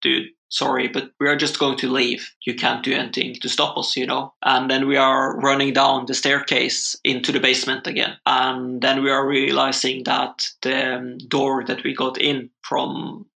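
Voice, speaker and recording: Bright gravelly young man telling a story. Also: mid-range voice, monotone, normal speed, few pauses. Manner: rambling, full of "like" fillers. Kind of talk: casual chat.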